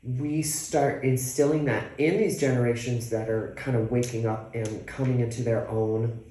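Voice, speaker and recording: A man's voice: mid-range voice, fairly even intonation, normal speed, dark tone. A man in a casual conversation, speaking earnestly and repeating his points for emphasis. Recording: echoey room.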